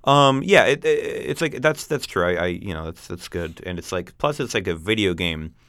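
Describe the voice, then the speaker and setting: A young man trades sarcastic jokes in casual podcast chat. His pitch swings widely as he riffs, and the recording is close and dry. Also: expressive, normal speed, fairly bright tone, no room sound. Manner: joking, sarcastic asides. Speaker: podcast co-host.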